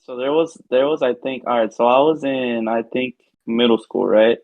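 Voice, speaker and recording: A man's voice: medium pitch, steady tone, moderate pace, dry recording. A young man, a podcast co-host, telling a rambling, filler-heavy story in casual chat. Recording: dull lo-fi sound.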